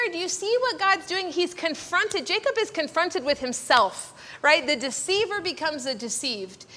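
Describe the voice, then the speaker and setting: High-voiced animated woman teaching Bible. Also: a little hiss or hum. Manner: animated, acts out quoted voices.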